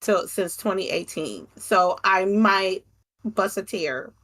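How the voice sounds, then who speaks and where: A woman guest in a casual interview chat, talking excitedly about meeting up with her gaming friends. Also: mid-range voice, slow pace. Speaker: podcast guest, gaming creator.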